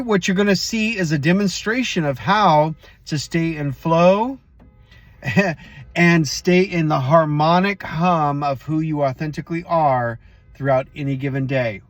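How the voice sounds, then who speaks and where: A man's voice: a little high, slow pace, dry recording, faint music behind. A man hosting a motivational vlog, telling a story casually and speaking straight to his viewers. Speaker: host.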